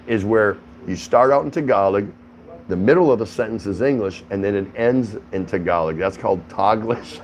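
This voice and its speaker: A man's voice: on the low side, slight background noise, rough recording. A man hosting a casual livestream from his home, chatting with viewers, greeting them by name and laughing often. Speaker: livestream host.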